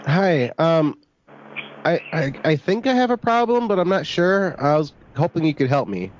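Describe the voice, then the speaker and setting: A man's voice: a little high, big pitch swings, normal speed. A man making a prank phone call, stammering and indignantly confused. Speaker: prank caller.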